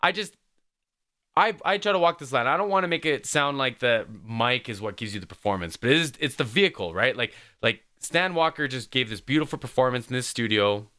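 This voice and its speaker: A man's voice: medium pitch, animated, a little fast, pushed and bright, clear, resonant tone. A man hosting a music reaction video, talking casually and rambling, full of "like" and "man".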